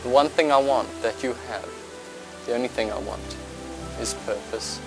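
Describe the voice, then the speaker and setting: A man's voice: mid-range voice, normal speed, gravelly. A man delivering a scripted, intense spoken-word monologue that builds to impassioned outbursts. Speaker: narrator. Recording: voice over loud background music.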